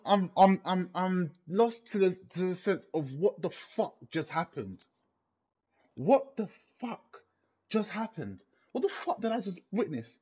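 A young man vents his fury after a football match, swearing and circling back to the same questions. His voice sits a little high and husky. The sound is dull and lo-fi, like a cheap home mic. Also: darkish tone. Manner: furious, swearing heavily, repeating himself. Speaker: football fan vlogger. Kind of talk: angry post-match rant.

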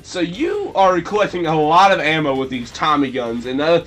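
A man's voice: fairly high pitch, animated, moderate pace, few pauses, a bit bright, soft background music. A young man commenting on a video game he is playing, rambling and sarcastic, with sudden mock-dramatic outbursts. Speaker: let's play commentator. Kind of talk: gameplay commentary.

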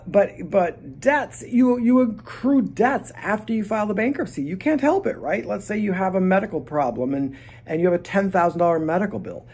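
A man's voice: high voice, big pitch swings, normal speed, darkish tone, slightly rough. A man, a lawyer, explaining a legal topic in a casual, conversational way, with a Minnesotan accent. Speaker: bankruptcy lawyer.

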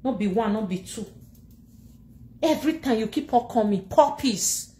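A high-voiced woman with a Nigerian Pidgin English accent rants to camera in an animated, mocking, scolding way. She switches between languages and laughs between jabs, and the room around her sounds echoey. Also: moderate pace. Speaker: social media personality. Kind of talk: animated casual rant to camera.

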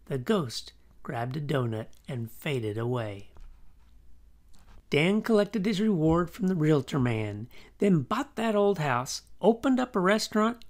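Man, children's book read-aloud, slow, dramatic pauses, faint background music. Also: a little high.

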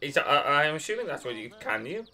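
A man's voice: a little high, sing-song, fast talker, sharp tone. A man playing a video game with a friend, dry, sarcastic and swearing. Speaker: co-player. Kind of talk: casual gameplay commentary.

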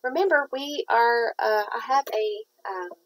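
A woman's voice: on the high side, measured pace, rough recording. A woman, chatting casually and rambling in a folksy way while she works on a craft project. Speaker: craft vlogger.

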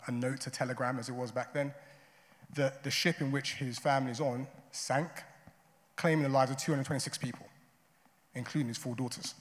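A man's voice: medium pitch, a bit bright. A man preaching a sermon as a pastor, in a conversational way, often adding "right?" and "you know". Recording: long hall reverb.

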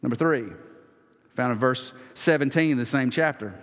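A man's voice: medium pitch, moderate pace, fairly bright tone, big-room sound. A man preaching a sermon as pastor in a church sanctuary, talking in a folksy, conversational way and acting out little exchanges. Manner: folksy, acts out little dialogues.

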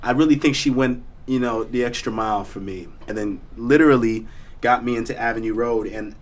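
A South African guest actor with a medium-pitched voice talks a little fast as he tells stories in a casual studio chat. He's laid-back and slangy, with lots of fillers and restarts.

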